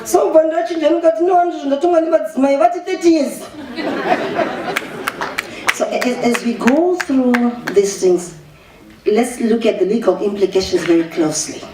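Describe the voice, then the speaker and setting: Zimbabwean woman giving an animated speech. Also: fairly high pitch, moderate pace, crowd noise, background noise. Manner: animated, mixes English with Shona, frequent restarts. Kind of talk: public speech. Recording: echoey room, voice far from the mic, faint ambience.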